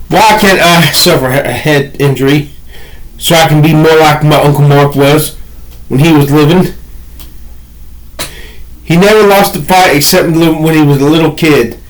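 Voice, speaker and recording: A man's voice: a little high, normal speed, pauses often, low-quality recording. A middle-aged man in a rambling vlog monologue, ranting bitterly and wishfully. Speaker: vlogger.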